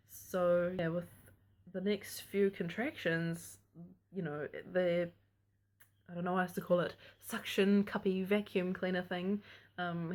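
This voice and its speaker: A young woman telling a personal story to camera in a casual vlog, candid and chatty and frank about intimate details. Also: lowish voice. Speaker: vlogger telling her birth story.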